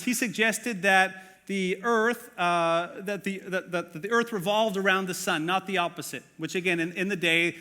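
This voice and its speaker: A man's voice: sits high, pushed and bright, in a large hall. A man preaching a sermon as pastor, earnest and conversational, with many fillers and questions to the congregation. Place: church auditorium.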